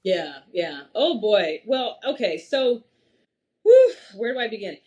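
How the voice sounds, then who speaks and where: A woman in her thirties, a podcast guest in casual conversation, telling stories in an animated way and laughing often. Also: medium pitch, slow. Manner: animated storytelling with frequent laughs.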